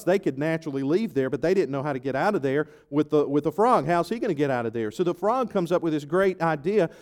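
A man, a pastor, preaching a sermon to his congregation, telling stories and reading scripture in an animated way. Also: a little high, smooth.

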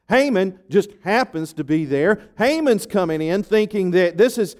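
A man, a pastor, preaching a sermon to his congregation, telling stories and reading scripture in an animated way. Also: sits high, moderate pace, few pauses.

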